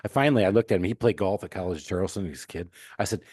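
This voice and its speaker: A man's voice: low voice, racing, a little mellow, husky, no echo, clean studio sound. A man from Michigan hosting a podcast, telling jokey self-mocking stories in casual chat. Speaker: podcast host.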